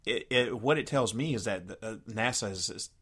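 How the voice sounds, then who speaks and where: A man's voice: on the low side, normal speed, a bit bright, husky. A man co-hosting a radio podcast in casual chat, rambling a bit and reading quotes aloud from his notes. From United States. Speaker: podcast co-host.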